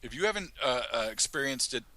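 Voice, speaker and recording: A man who writes an audio drama, chatting on a podcast in a halting, self-mocking way and laughing often mid-sentence. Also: mid-range voice, animated, bright, forceful tone, no echo. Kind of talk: casual podcast chat.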